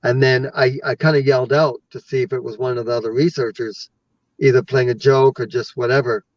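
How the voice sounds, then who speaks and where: A man from western Canada tells a lively story as a guest, acting out his own reactions along the way. His voice sounds distant from the mic and a bit muffled. The recording is dry. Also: mid-range voice, fairly quick, no room sound. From British Columbia, Canada. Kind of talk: casual storytelling.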